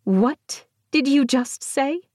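A furious, weakened sorceress with an imperious bite, as a woman narrator voices her, pitched noticeably higher and louder than the surrounding narration. She seethes and snaps in a shrill, commanding tone. The sound is close and dry, an audiobook character voice. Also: animated, takes it slowly, no room sound.

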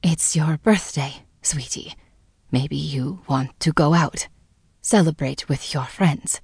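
A woman voicing a meek mother in her forties who speaks gently in a hushed, half-whispered way. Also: sits low, slow pace, creaky, slightly rough, dry recording, clean studio sound, full character voice. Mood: tender hushed.

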